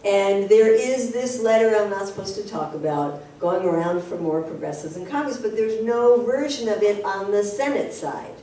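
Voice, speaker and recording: A woman's voice: mid-range voice, moderate pace, hardly any pauses, warm tone. A woman activist speaking at a public talk and answering questions, telling stories animatedly and acting out the people she quotes. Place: community hall. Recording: distant, very echoey hall with faint hiss.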